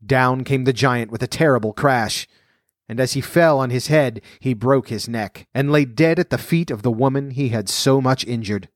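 A man reading a fairy tale aloud at a steady, measured pace. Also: medium pitch, dry recording, studio quality. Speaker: storyteller.

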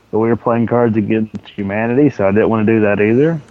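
A man's voice: lowish voice, fast. A man co-hosting a casual gaming podcast, telling rambling profane stories, with a sore throat. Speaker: podcast co-host. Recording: tinny phone-like line.

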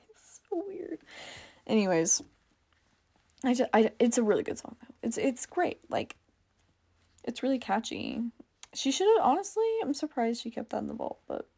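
Chatty teenage girl with vocal fry. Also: fairly high pitch, a little mellow. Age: teens. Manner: chatty, full of "like" and self-corrections. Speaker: podcast host. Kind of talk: casual chat.

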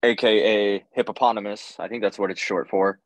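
A man co-hosting a casual podcast, a tattoo artist telling stories in a slangy way with joking deadpan asides. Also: fairly low pitch, a little fast, no echo. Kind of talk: casual storytelling chat.

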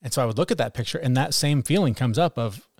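A man's voice: mid-range voice, lively intonation, fast, a little mellow, dry recording. Frank, profane man, dry sound. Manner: frank and profane, acts out his inner critic. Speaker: podcast co-host. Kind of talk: candid conversational chat.

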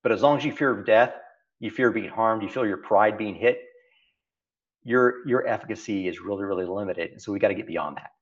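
A middle-aged man with a Texas accent and a fairly low voice talks a little fast in a lo-fi recording. As a private equity CEO guest in a reflective interview, he speaks emphatically and repeats phrases for stress.

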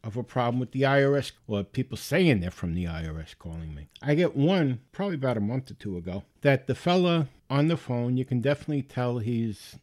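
A man's voice: mid-range voice, lively intonation, brisk, few pauses, darkish tone. A man hosting a podcast, chatting casually and rambling through a story, often restarting his sentences. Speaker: podcast host.

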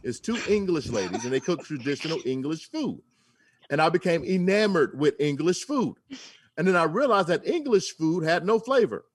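Husky, lively podcast man joking. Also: on the high side, moderate pace, no echo, studio quality. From United States. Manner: lively mock-outraged joking. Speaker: podcast co-host. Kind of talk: casual joking chat.

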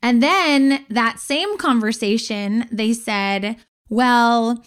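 A woman's voice: fairly high pitch, very slow, clear, resonant tone. A middle-aged woman co-hosting a podcast, telling family stories in a blunt, candid way with casual swearing. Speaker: podcast co-host. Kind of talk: casual chat.

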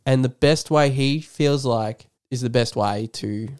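A man co-hosting a casual film podcast, retelling scenes with animated energy and frequent laughter. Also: mid-range voice, measured pace, clean tone. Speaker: podcast co-host. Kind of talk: casual film review chat.

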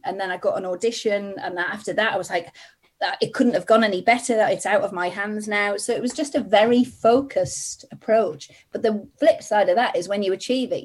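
A woman in her forties from Middlesbrough, telling stories as a podcast guest in lively casual chat. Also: medium pitch. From England (Middlesbrough). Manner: lively storyteller, laughs often. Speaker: guest, TV presenter.

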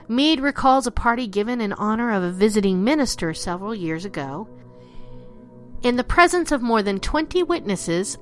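A woman narrating a ghost story in an expressive, dramatic way, dropping low and slowing down for the eerie parts. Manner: expressive, drops low and slows for spooky lines.

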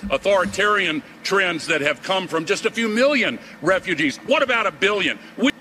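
A man delivers a heated, urgent speech from a forum stage. His voice runs high and bright with a sharp edge, over a faint room ambience. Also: lively intonation, normal speed, a little hiss or hum. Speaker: forum speaker. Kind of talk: impassioned public speech.

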